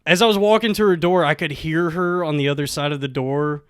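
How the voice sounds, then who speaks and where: Young man, comic storyteller, deadpan delivery, halting with fillers, smooth tone. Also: on the high side, no echo, clean studio sound. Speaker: comedy podcast host telling a story. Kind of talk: casual comedic storytelling.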